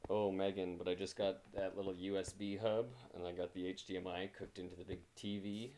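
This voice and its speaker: Speaking fast and flatly in a deep voice, this man is a game streamer rambling through casual livestream chat with his audience as he plays. He's self-deprecating, his new mic sits close in front of him, and there's heavy noise in the background.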